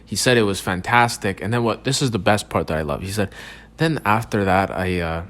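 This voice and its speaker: Brief: young male podcaster, deep low voice, loose profane rambling monologue, frequent false starts. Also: fairly quick, a bit bright. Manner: rambling, profane, stumbling restarts. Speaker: podcast host. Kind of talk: casual solo podcast monologue.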